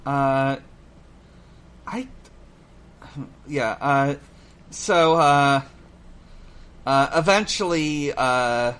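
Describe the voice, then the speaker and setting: A man co-hosting a podcast in casual chat, halting with many fillers and restarts, swearing and laughing easily. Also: medium pitch, fairly bright tone, clear, resonant tone. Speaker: podcast co-host. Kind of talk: casual chat recapping a cartoon.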